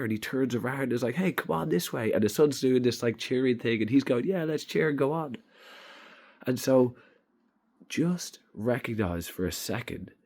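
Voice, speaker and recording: A man's voice: mid-range voice, a little mellow. A young man giving a blunt, emphatic opinion monologue to camera, swearing freely. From Ireland. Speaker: vlogger.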